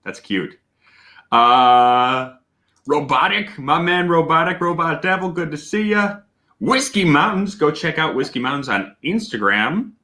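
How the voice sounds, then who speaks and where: A man hosting a casual whiskey tasting livestream, talking loudly, greeting viewers and laughing often. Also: fairly high pitch, unhurried. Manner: loud and animated, laughs often. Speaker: host of a whiskey tasting stream.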